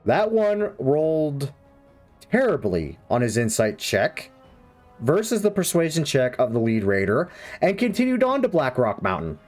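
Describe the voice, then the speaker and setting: A man running a tabletop game as game master, animated and swearing freely. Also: medium pitch, a little slow, faint music behind. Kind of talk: wrapping up a tabletop game, casual chat.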